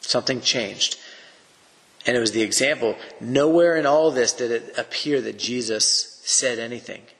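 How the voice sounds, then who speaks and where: Guy doing a bible teaching podcast, earnest preachy tone, mid pitch, lots of room reverb. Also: moderate pace, vocal fry, fairly bright tone. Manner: earnest, preacherly, poses rhetorical questions.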